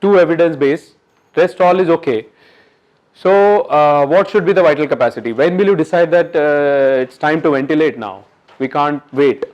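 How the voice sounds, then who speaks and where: A man giving an interactive medical lecture at a workshop, quizzing the audience in a coaxing, brisk way. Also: fairly high pitch, a little mellow, muffled recording.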